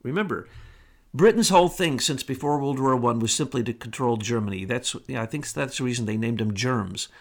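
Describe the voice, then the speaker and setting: A man's voice: medium pitch, brisk. Indignant man ranting on a talk show. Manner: emphatic, indignant, rhetorical questions. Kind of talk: conspiracy talk monologue.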